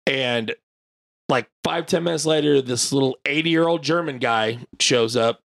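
A podcast co-host telling a long, rambling story in casual chat, full of "like" and the odd swear word. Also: male voice, mid-range voice, a little slow, creaky, a bit bright.

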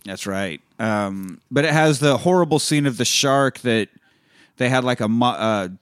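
A man's voice: medium pitch, a little slow, fairly bright tone, clear, resonant tone, dry recording, studio quality. A man hosting a podcast, casually recapping a film scene by scene, swearing freely and acting out lines. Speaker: podcast host.

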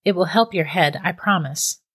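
Casting: cool, teasing witch captor, read by a woman in a storybook; lowish, unhurried, quietly amused. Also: slightly rough. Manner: calm, matter-of-fact and mocking. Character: cold, teasing middle-aged female witch captor. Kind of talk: storybook reading.

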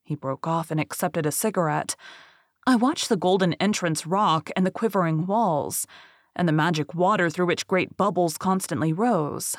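Measured, dry literary audiobook narration. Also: mid-range voice, no echo.

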